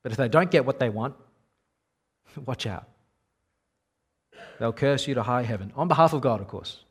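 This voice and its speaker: A man's voice: mid-range voice, expressive, normal speed, husky. A man in his thirties preaching a sermon in a conversational, wry storytelling manner.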